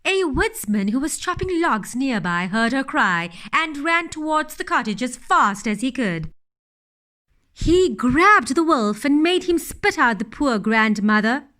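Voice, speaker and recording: A woman reading a fairytale aloud in a gentle, expressive storytelling manner. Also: fairly high pitch.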